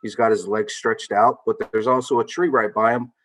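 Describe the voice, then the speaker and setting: A man's voice: on the low side, steady tone, normal speed, fairly bright tone, poor audio. A man hosting a casual chat with friends, telling a story with energy and swearing freely. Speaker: podcast host.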